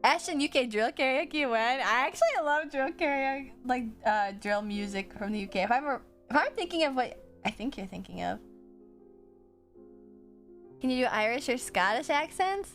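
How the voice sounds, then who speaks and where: A woman's voice: high-pitched, animated, normal speed, soft background music. A woman streamer chatting casually with her viewers while she draws, swearing freely and laughing often.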